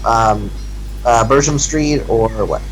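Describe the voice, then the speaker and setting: A man's voice: medium pitch, slow pace, a crowd in the background, low-quality recording. A man acting as game master, describing scenes in a loose, casual way. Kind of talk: narrating a tabletop game session.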